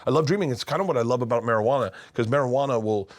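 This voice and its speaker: A middle-aged man, a comedian, telling animated stories in an interview, acting out voices and laughing loudly. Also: mid-range voice, very fast. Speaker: comedian guest. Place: his studio.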